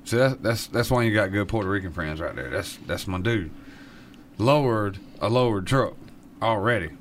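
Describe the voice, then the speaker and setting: A man's voice: fairly low pitch, moderate pace, a little hiss or hum. A man co-hosting a radio show, talking in a casual, laid-back way. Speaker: radio co-host.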